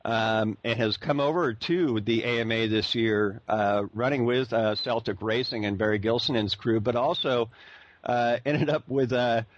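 A man's voice: mid-range voice, moderate pace, highs cut off, a little hiss or hum. An American man hosting a podcast interview, rambling with lots of fillers and restarts. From United States. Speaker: podcast host. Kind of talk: casual interview.

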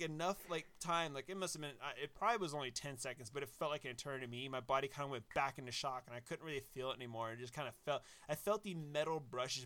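A man casually telling a personal anecdote, animated and laughing at his own story. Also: fairly high pitch, clear, resonant tone.

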